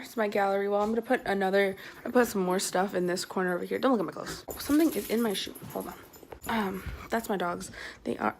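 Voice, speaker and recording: Teen girl vlogger, chatty and rambling, phone mic, mid pitch, faint noise behind. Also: a little mellow. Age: teens. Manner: rambling, chatty, self-conscious. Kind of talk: casual chat. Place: her bedroom, indoors. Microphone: handheld phone.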